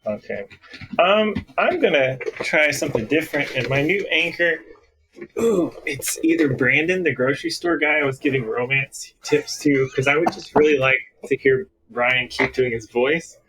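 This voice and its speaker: A man's voice: fairly high pitch, normal speed, noisy background. A man playing in a tabletop role-playing game over a video call, playful and chuckling between remarks. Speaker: player. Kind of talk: casual table talk, joking.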